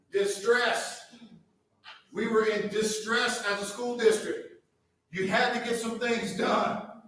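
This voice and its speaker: A man's voice: high voice, fairly bright tone. A man giving a motivational speech to school staff, firing rhetorical questions at the crowd. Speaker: school district leader addressing staff. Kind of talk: motivational speech to a live audience. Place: large echoey hall. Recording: echoey hall from far off with faint noise.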